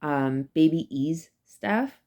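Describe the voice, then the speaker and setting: Female professor with a low voice, conversational lecture, emphatic with lots of fillers. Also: lively intonation, slow, darkish tone. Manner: chatty and emphatic, many fillers and asides. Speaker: psychology professor. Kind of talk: casual recorded lecture.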